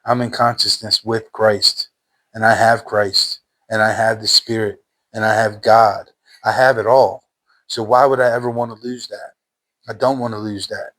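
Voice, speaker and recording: A man's voice: on the low side, level tone, normal speed, fairly bright tone. A man telling his personal faith testimony in a fervent, emphatic way, repeating phrases in casual everyday speech.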